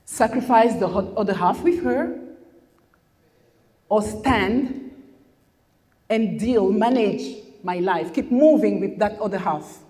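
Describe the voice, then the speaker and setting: A woman's voice: mid-range voice, takes it slowly, pauses often, mellow. A woman leading a masterclass, speaking candidly and emotionally to an audience, often repeating phrases for emphasis. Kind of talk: emotional personal talk to an audience. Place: hotel event room. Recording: long hall reverb.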